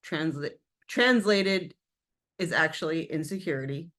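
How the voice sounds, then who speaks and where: A middle-aged woman co-hosting a casual talk show, lively and teasing, laughing easily. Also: low-pitched, a little slow. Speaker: co-host. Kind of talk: casual chat.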